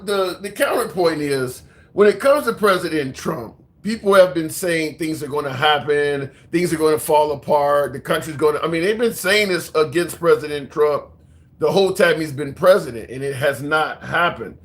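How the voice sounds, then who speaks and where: Male stream host, higher-pitched, calm, reads viewer comments. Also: moderate pace.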